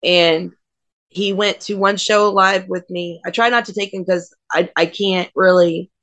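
Middle-aged woman wrestler guest, animated chatty storyteller, dry voice. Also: on the low side, measured pace, dry recording. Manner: lively, acts out family dialogue. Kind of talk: casual storytelling interview.

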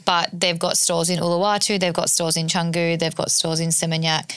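A woman hosting a relaxed podcast chat and moving things along. Her voice is smooth and clear, a little low, recorded close and dry. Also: brisk, dry recording. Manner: relaxed, conversational, organises the topics. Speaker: podcast host. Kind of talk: casual chat.

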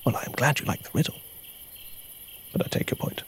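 This man's natural voice moves briskly over slight background noise, with music and crickets audible too. He voices an agent in an audio drama, leaving a voicemail that spins a long, playful, rambling tale.

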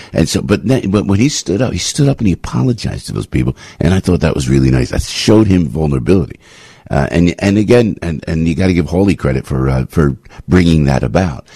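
A male radio host delivering a rambling, sarcastic monologue full of mocking rhetorical questions and sudden leaps up in pitch. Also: mellow, husky, no room sound, studio quality. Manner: rambling, with frequent restarts and asides.

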